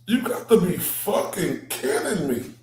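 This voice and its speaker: A man's voice: sits high, big pitch swings, unhurried, a little mellow. A man hosting a show, ranting with heated, profane reactions to clips he plays. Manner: heated, cursing, repetitive. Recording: roomy echo.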